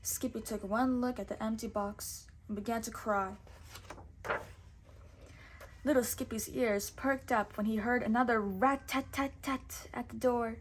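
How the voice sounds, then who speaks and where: A woman teacher reads a storybook aloud at a slow, careful pace. Her voice sits a bit high, and she gives each sentence room. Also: fairly even intonation, slight background noise.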